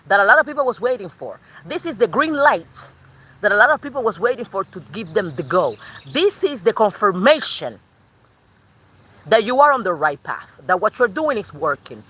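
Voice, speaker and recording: A woman with a Cuban accent gives a tarot reading with sassy, repetitive emphasis. Her pitch swings widely, her tone is bright and forceful, and her voice carries a husky grain. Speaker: tarot reader.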